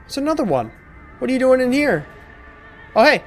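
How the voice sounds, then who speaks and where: A man's voice: very high-pitched, sing-song, brisk, soft background music. A man hosting a horror game playthrough, talking to the characters with joking, profane, mock-apologetic banter. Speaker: gaming video host. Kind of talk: horror game let's play commentary.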